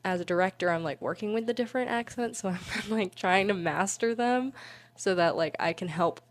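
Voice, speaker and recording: A woman's voice: mid-range voice, moderate pace. A woman in her twenties, an interview guest and student, chatting casually in a bubbly, giggly way with many "like"s. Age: 20s.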